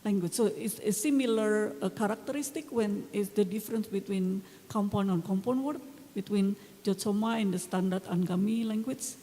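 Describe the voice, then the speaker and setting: A woman's voice: mid-range voice, dark tone. Woman asking a question in an echoing hall. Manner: halting, searching for words. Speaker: audience member asking a question. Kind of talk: question at a conference Q&A. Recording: reverberant hall with faint ambience.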